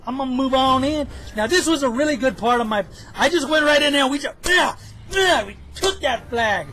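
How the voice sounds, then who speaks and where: A man's voice: extremely high pitch, animated, moderate pace, sharp tone, shouting, slight background noise, poor audio. A man giving chatty, self-mocking commentary over his own gameplay footage, joking as he goes. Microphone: headphones with mic.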